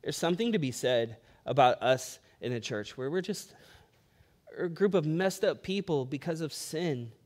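A man's voice: a little high, animated, moderate pace, a little mellow. A man preaching a sermon as pastor, conversational and storytelling, building emphasis as he speaks.

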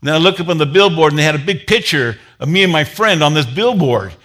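Pastor, animated storyteller. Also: male voice, quick pace. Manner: animated storyteller, grows loud and high when excited, then drops to a low earnest tone. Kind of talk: sermon with personal storytelling.

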